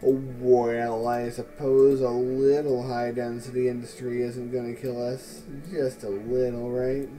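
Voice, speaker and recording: A man talks through his city-building game in a relaxed, unhurried drawl. His voice is mellow and warm, with dry, sarcastic asides. Faint music plays behind him. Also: medium pitch. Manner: wry, sarcastic, musing. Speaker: let's play host. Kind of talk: casual game commentary.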